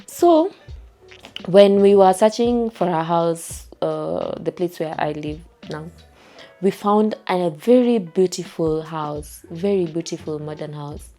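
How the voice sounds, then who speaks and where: Soft music plays as a young Kenyan woman vlogs from her home in the middle of packing for a move. Her voice is fairly low, slow, and warm, and her storytime telling is chatty and repetitive.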